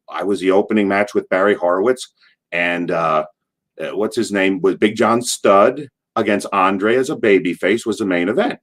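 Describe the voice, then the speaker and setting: A middle-aged man, a former wrestler, telling stories in an interview, rambling through asides and acting out what people shouted. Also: lowish voice. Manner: animated, acts out quotes in a loud, drawn-out voice. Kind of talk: casual anecdotal storytelling.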